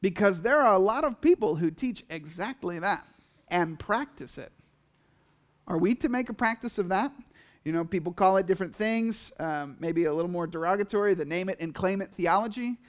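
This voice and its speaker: Pastor, male, higher-pitched voice, casual sermon delivery with playful acted-out asides. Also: moderate pace. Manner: conversational, animated, acts out quotes in asides.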